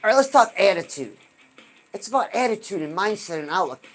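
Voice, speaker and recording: A woman hosting a live stream, giving an animated motivational talk and asking her viewers rhetorical questions. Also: mid-range voice, fairly quick. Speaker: livestream host.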